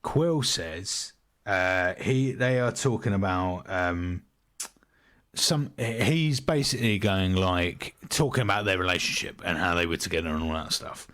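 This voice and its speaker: A British man with a lowish voice lays out his film theory slowly and deliberately. He takes his time with each point on the podcast. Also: a bit bright. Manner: measured, building a theory step by step. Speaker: podcast co-host. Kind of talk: casual film review chat.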